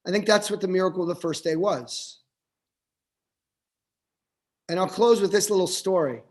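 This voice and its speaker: A man, a rabbi, giving a reflective Hanukkah sermon over a video call, halting and restarting as he thinks. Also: high-pitched.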